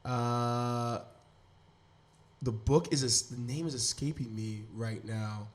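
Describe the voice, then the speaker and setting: A man's voice: medium pitch, steady tone, slow. A man hosting a podcast in casual chat, enthusiastic and rambling with slang. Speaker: podcast host.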